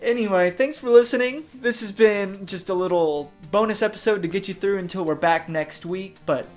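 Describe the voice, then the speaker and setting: A man's voice: high-pitched, moderate pace, a little mellow, soft background music. A young man co-hosting a game podcast, laid-back with dry remarks. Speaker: podcast co-host. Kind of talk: casual chat.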